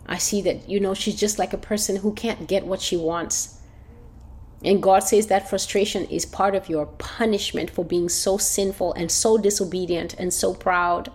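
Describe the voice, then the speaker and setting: A woman's voice: medium pitch, fairly even intonation, normal speed, darkish tone, slightly rough. A woman delivering a fervent prophetic sermon on a prayer call, repeating phrases for emphasis. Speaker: prophetic preacher. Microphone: phone line.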